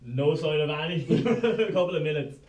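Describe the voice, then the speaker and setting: A young man co-hosting a podcast, bantering quickly with slang and laughter. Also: on the high side, expressive, a little mellow. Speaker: podcast co-host. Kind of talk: casual chat. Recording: echoey room, mic far off.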